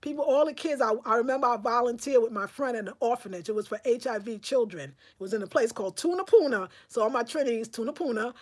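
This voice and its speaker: A woman hosting a livestream in casual chat, reading viewer comments aloud and answering them in a talkative, animated way, with bursts of excited exclamation. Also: a little high, fast, few pauses. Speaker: livestream host.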